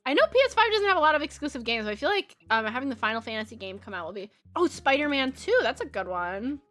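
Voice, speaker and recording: A chatty woman streamer with a Valley Girl accent rambles and giggles as she draws, leaning on "like" constantly. Her voice is sharp and bright and sits a little high. Soft music plays behind her. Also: big pitch swings, quick pace. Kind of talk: casual chat while drawing on stream. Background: soft background music.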